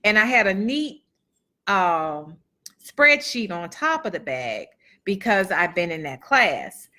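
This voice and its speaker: A woman with a bright, forward voice shares a personal testimony with a live crowd. She talks in a chatty, folksy way, calls the listeners y'all and acts out the dialogue as she goes. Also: mid-range voice, big pitch swings, slow pace. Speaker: motivational speaker and author.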